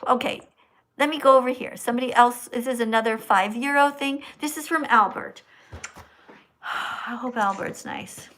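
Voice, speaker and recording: A woman hosting a live stream, reading donations aloud and lecturing slowly and bluntly. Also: a little high, a bit bright. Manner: blunt, scolding; slow, emphatic lecturing. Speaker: livestream host reading donations.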